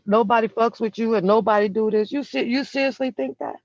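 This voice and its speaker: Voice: medium pitch, normal speed, pauses often, a little mellow, dry recording. A vlogger delivering a heated, profane commentary rant from inside a vehicle. The speaker talks confrontationally and stretches out key words for emphasis. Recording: dull, lo-fi and dry.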